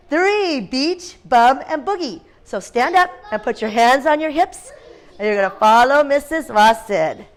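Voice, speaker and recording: A woman with a voice on the high side leads young children through a phonics lesson. She sounds out letters in slow chants, repeating them.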